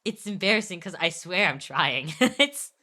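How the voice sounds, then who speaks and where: A young woman streams and chats while she draws. Her voice sits low, but it bounces through a wide, lively range and has a bright edge. She rambles, stops to correct herself, and laughs a lot. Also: normal speed. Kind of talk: casual chat while drawing on stream.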